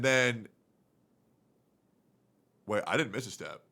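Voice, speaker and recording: Animated, bright-voiced male streamer. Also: fairly high pitch, a little slow, long pauses. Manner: loud, profane, thinks out loud and talks to chat. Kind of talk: casual livestream reaction.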